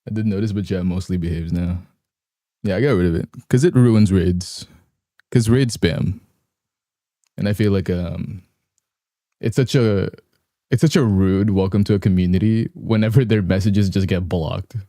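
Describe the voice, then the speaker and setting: A young man streaming live, talking easily and softly with his chat. His voice is deep and very dark, still a little rough from the morning, and he keeps clearing his throat. The sound is close and dry, with no room around it. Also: normal speed, pauses often, dry recording. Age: young adult.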